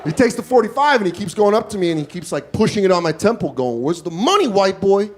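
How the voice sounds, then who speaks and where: A man doing stand-up storytelling, animated, profane and self-mocking, in a comedy club. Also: sits high, fast, some chatter behind.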